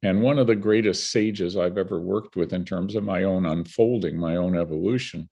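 A husky, low-pitched older man from Canada talks at normal speed as a conversation guest. His storytelling is animated and vivid, broken up by laughter.

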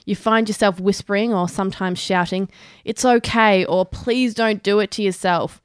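A woman's voice: medium pitch, fairly even intonation, moderate pace, clear, resonant tone, no room sound. A woman, co-hosting a podcast and delivering a prepared review in a dry, sardonic manner, swearing freely. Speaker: podcast co-host. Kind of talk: prepared review read aloud.

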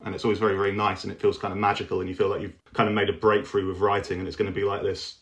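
A man with a very low voice talks about his writing in a musing, thoughtful way. He circles around his ideas with little fillers and repeats. The tone is reflective interview talk. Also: little pitch movement, racing, fairly bright tone. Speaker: author, interview guest.

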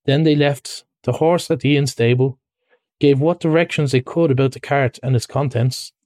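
A man narrating a classic storybook aloud in a measured, expressive reading voice. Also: mid-range voice, no echo. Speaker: reader. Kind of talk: audiobook-style storybook narration.

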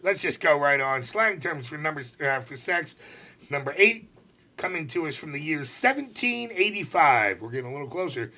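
A man's voice: fairly high pitch, very animated, normal speed, bright, forceful tone. A man hosting a casual studio chat, reading old slang terms aloud with playful mock-formal delivery and frequent laughter. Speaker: show host reading a list.

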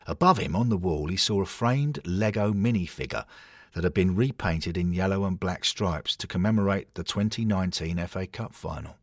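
A man narrating a comic story in a wry, deadpan way. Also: deep voice, breathy edge, no echo, clean studio sound.

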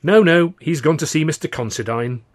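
A man's voice: on the high side, moderate pace, pitched above the performer's own voice, natural voice. A man doing a chatty, put-upon woman performer. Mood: exasperated. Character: gossipy exasperated woman performer, wife.

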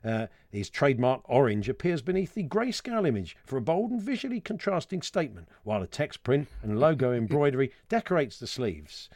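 A man co-hosting a podcast, spinning chatty stories and teasing his partner. His pitch swings widely as he talks, and the dry studio mic sits close with no room sound. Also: a little fast, few pauses, dry recording. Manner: chatty storyteller, lively and teasing. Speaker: radio co-host. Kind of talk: casual podcast banter.

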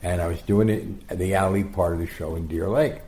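A gravelly, low-voiced man tells long anecdotes in an interview, acting out what others said. His tone is dark and mellow. The room around him sounds echoey and open. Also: a little fast. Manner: rambling, animated anecdotes with acted-out quotes. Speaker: guest storyteller. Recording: roomy echo.

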